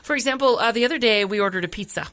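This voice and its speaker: A woman co-hosting a casual chat show, talking in an animated, chatty way. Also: on the high side, rapid-fire. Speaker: co-host.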